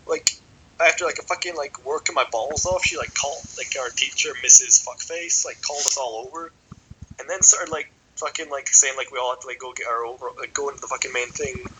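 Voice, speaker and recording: On a podcast, a young male co-host with a steady, mid-range voice briskly tells a rambling school story. He swears constantly and fills every gap with "like," against a noisy background.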